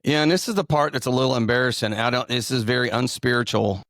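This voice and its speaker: A middle-aged man with a Southern drawl, a pastor and comedian from the American South, tells rambling, self-deprecating stories with many restarts in conversation for an interview. His medium-pitched, fairly bright voice moves at a quick pace. Studio quality, no room sound.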